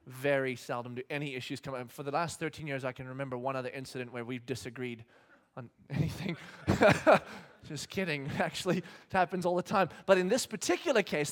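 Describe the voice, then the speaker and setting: A man in his thirties delivers a sermon with a high voice, mixing personal stories with scripture. He acts out the scenes he describes and jokes at his own expense. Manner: animated storyteller, acts out scenes, self-deprecating humor. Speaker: pastor. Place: church hall with congregation.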